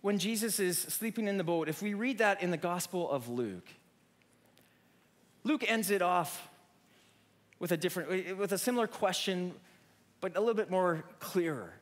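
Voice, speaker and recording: A man preaching a sermon, telling a childhood story in an animated way with many restarts. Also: high voice, normal speed, pauses often.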